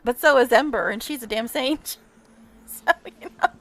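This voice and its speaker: A woman's voice: a little high, moderate pace, fairly bright tone, soft background music. A woman streaming a game, chatting casually and gushing with frequent giggles. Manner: giggly and gushing, laughs often. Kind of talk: casual livestream chat while reading game dialogue aloud.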